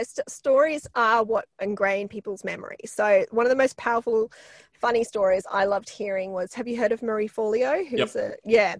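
A woman talks in a chatty, rambling way, full of ums and restarts. Her voice is croaky with a gravelly fry. The sound is close and dry, with no room around it. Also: mid-range voice, dry recording. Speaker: PR expert guest. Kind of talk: casual podcast interview.

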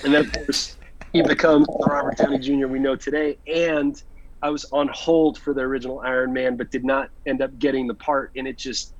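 A man's voice: medium pitch, a little fast, lo-fi sound. A man guest telling a casual anecdote, acting out the dialogue. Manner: animated storyteller, acts out dialogue.

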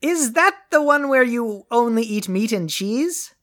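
A woman's voice: fairly high pitch, expressive, unhurried, a bit bright. A woman playing a pompous, greedy, deposed male overlord in a comedy audio play, with a grandiose, haughty delivery. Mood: smug. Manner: grandiose, haughty and theatrically dry.

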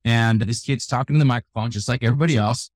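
An older man with gray hair, a youth keynote speaker, telling animated stories in a radio interview. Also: mid-range voice, quick pace, dry recording. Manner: energetic, animated storyteller who acts out quotes. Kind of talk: storytelling interview talk. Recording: dry close sound, radio show.

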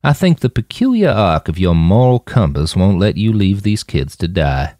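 A man's voice: deep voice, very animated, normal speed, warm tone, no room sound, studio quality, voice pushed up. A man voicing a cold, probing man who goads others, speaking with intense relish. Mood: goading. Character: probing, hungry-minded man, cold and goading.

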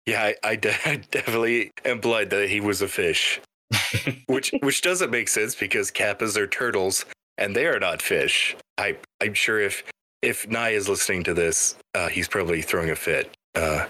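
A man's voice: fairly low pitch, normal speed, bright, forceful tone, no echo. A man playing in a tabletop game, chatting casually with stammers. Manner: stammering, laughing asides. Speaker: player.

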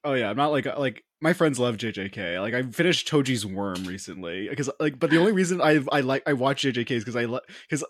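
A man's voice: medium pitch, animated, quick pace, hardly any pauses. A man co-hosting a casual chat, blunt and emphatic, often restarting his sentences. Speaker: podcast co-host.

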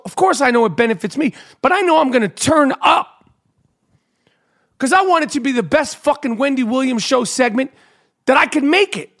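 A man from Brooklyn, hosting a podcast and telling a boastful, profanity-laden story in an animated rant. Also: very high-pitched. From Brooklyn, New York. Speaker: podcast host.

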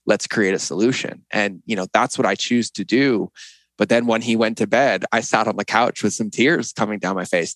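A middle-aged man with a fairly low voice talks candidly as an interview guest. He sounds earnest and reflective, letting his feelings show. The recording is dry and close, with no room sound. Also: normal speed, a bit bright, dry recording, low-quality recording. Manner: earnest and reflective, opening up emotionally. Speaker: podcast guest.

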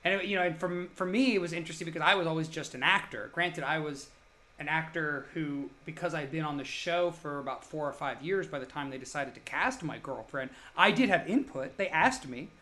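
A man's voice: fairly high pitch, fairly quick, pushed and bright. A middle-aged man, an actor, talking in casual chat and often restarting his sentences. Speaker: podcast co-host and actor.

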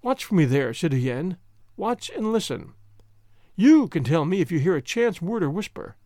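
A man's voice: high-pitched, sing-song, normal speed, mellow, dry recording. A man voicing a cold, relentless male French diplomat in an audiobook, speaking dryly and without mercy. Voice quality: dry, relentless delivery.

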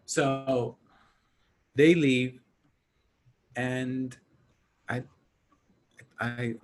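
A man's voice: mid-range voice, steady tone, extremely slow. A man casually retelling a horror movie scene by scene, acting out the characters' lines and laughing often. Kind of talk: casual movie recap chat.

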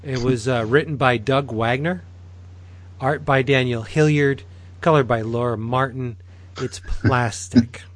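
A man co-hosting a laid-back podcast, chatting loosely and breezing through sponsor plugs. His voice sits in a middle pitch. He sounds easygoing. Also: steady tone. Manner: chatty, laughs easily, reads plugs briskly. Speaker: podcast co-host. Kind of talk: casual chat and sponsor read.

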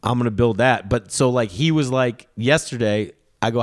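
A man chatting casually as host, telling animated stories and acting out both sides of the conversations. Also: medium pitch, moderate pace, no echo, studio quality. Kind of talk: casual chat.

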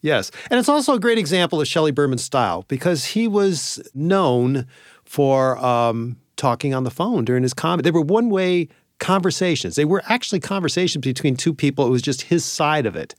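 A middle-aged man co-hosting a show, chatting casually about old comedy recordings in a relaxed manner, sometimes searching for words. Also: a little high, a little fast, dry recording, studio quality. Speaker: radio show co-host.

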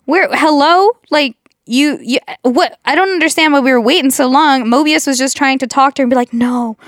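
Woman, high voice, emphatic, animated, podcast co-host, dry sound. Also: fairly quick, no echo. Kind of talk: casual chat about a TV show.

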